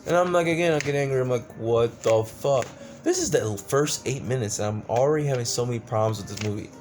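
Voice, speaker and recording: A man's voice: medium pitch, quick pace, soft background music. A man reviewing a movie in a casual rant, exasperated and profane, rambling with lots of restarts. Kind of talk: casual ranting film review.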